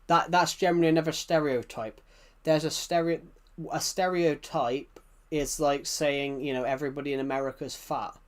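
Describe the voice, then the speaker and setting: A man's voice: fairly high pitch, steady tone, normal speed. A man with a British accent, chatting casually on a live game stream, rambling and answering chat messages with frequent restarts. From United Kingdom.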